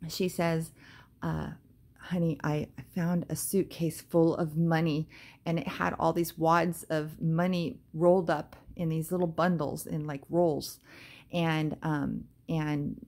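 Christian vlogger, woman, low voice, loose devotional storytelling full of fillers. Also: flat delivery, takes it slowly, darkish tone. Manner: casual, hesitant, with many ums and praise exclamations.

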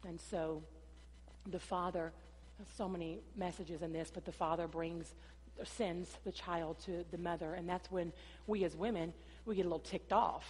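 A woman pastor preaching a sermon, swinging between loud, emphatic passages and quieter storytelling, sometimes acting out voices. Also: fairly low pitch, steady tone, moderate pace, a little hiss or hum. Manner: preaching with dramatic rises and drops, acting out dialogue. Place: church sanctuary. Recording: long church-hall reverb.

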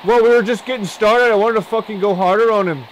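Brief: crude, mocking comic voice-over man, fairly high voice. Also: quick pace, a little hiss or hum, rough recording. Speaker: video creator. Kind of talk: comedic parody voice-over.

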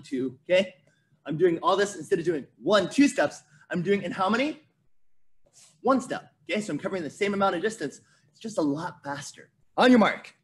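A man teaching a virtual martial arts class to kids, coaching energetically and counting out drills. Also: sits high. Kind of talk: virtual kids' class instruction.

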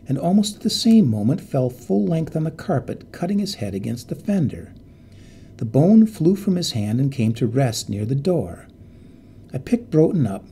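A man narrating a ghost story in an expressive, dramatic reading voice. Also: mid-range voice, a little hiss or hum.

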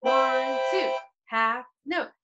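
A woman's voice: high voice, drawn-out words, muffled recording. A woman teaching a virtual piano class to preschoolers in a sing-song, playfully exaggerated way. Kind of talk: virtual music class for young children.

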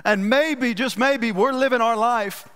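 Pastor, male. High voice, folksy and animated sermon storytelling, reverberant church hall. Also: unhurried, clear, resonant tone. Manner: folksy, animated storytelling with self-deprecating humor. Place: church sanctuary.

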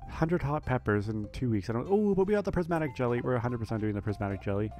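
Faint music plays behind a man whose mid-range, slightly mellow voice is animated and fast. The gaming video creator is casually narrating his farming game playthrough as relaxed let's play commentary, chatty and rambling with lots of filler.

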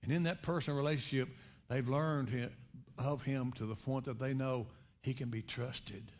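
A man preaching a sermon as pastor, conversational, swinging between quiet reflection and loud emphatic rises. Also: fairly even intonation, normal speed. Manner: conversational preaching with sudden rises in pitch and volume.

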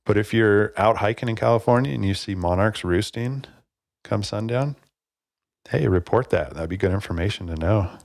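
A man's voice: sits low, creaky, no echo, clean studio sound. A man hosting a podcast alone, talking casually and rambling a little, with plenty of fillers. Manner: relaxed, rambling, many fillers. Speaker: podcast host. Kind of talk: casual solo podcast talk.

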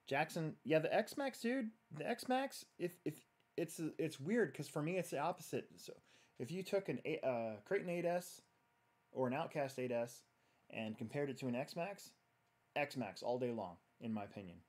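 A man's voice: on the high side, lively intonation, normal speed, a little mellow. A man hosting a casual livestream, chatting loosely and reading viewer comments while he works on a build. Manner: rambling, chatty, reads viewer comments aloud. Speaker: host.

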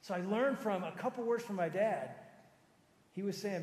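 A middle-aged man preaching a sermon, telling personal stories, moving from loud emphatic lines to soft low ones. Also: normal speed, slight background noise. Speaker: pastor. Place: large church sanctuary. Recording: roomy hall reverb.

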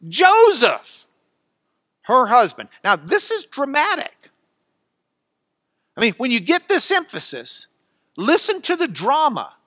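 A man teaching a classroom Bible lesson, bursting into loud dramatic emphasis as he reads and dropping to quiet asides between. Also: very high-pitched, huge pitch swings, a little slow, long pauses, dry recording, clean studio sound. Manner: drops to quiet asides when searching notes. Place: classroom, recorded for radio.

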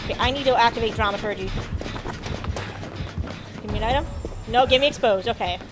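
A woman's voice: on the high side, brisk, music in the background. A woman giving casual, jokey commentary while streaming a video game, talking to the characters on screen. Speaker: gameplay streamer.

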